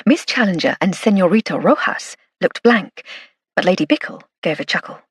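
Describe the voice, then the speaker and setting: A woman reads a first-person cozy mystery with arch, dry wit, her pitch moving in a lively way. Her voice is slightly husky and the sound is dry and close. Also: normal speed, no echo. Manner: arch, dryly witty. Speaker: audiobook narrator.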